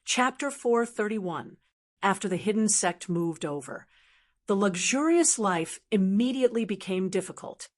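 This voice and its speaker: A woman's voice: mid-range voice, a little mellow. Woman reading an audiobook steadily. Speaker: audiobook narrator. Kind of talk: scripted narration.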